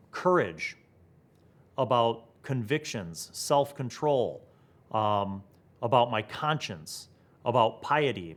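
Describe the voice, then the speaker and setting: A young man hosting a tabletop gaming talk video, thinking aloud with excitement and asking rhetorical questions. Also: medium pitch. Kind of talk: animated solo talk to camera.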